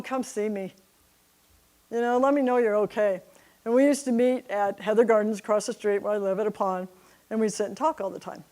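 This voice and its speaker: A woman's voice: medium pitch, darkish tone. Middle-aged woman, church speaker, chatty storyteller who laughs easily. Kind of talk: personal storytelling to a congregation. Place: church service.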